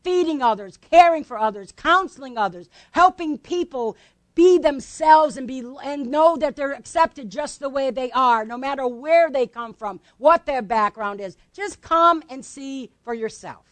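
A woman pastor delivers her sermon in a relaxed, conversational way. She keeps turning questions back to the congregation. Her voice sits high, and the recording is close and dry. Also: measured pace, no echo. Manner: conversational, asks the congregation questions, laughs lightly.

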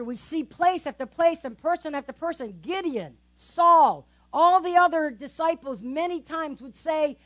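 A woman pastor preaching in a church, with a slightly higher voice. She talks with the congregation rather than at them and keeps tossing in quick tag questions. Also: animated. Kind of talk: sermon.

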